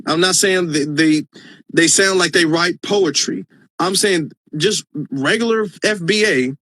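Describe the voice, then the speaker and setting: High-voiced man hosting a casual live stream. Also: a bit bright, no room sound. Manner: earnest, emphatic, frequent restarts. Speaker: live-stream host reading viewer comments.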